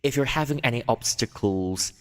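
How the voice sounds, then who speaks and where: A man's voice: mid-range voice, normal speed, close to an everyday voice. A man putting on a proclaiming male Qilin spirit. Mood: formal blessing. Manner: announcer-like, proclaiming blessings. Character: formal male Qilin spirit blessing shoppers. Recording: long reverb.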